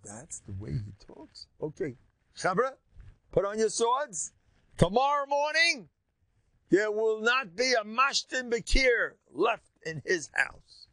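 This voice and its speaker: An older man voicing King David, a proud young warrior king, shouting threats in a sharply rising voice. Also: mid-range voice, lively intonation, measured pace, creaky, few pauses, slightly rough, dry recording, heavily acted. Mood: furious.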